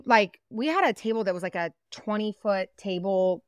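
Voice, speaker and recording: A woman's voice: mid-range voice, normal speed, clear, resonant tone, no room sound, clean studio sound. A young woman co-hosting a casual chat, opinionated and sarcastic, swearing casually. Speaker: podcast co-host.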